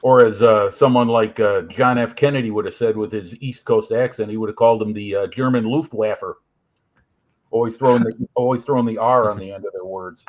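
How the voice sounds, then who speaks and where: A man's voice: on the low side, fairly even intonation, fast talker, few pauses, muffled recording. A man from the Chicago area with a Midwestern American accent, chatting casually on a live panel and telling stories with lots of fillers and restarts. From Chicago area, USA. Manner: rambling storyteller, many fillers and restarts. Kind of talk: casual chat.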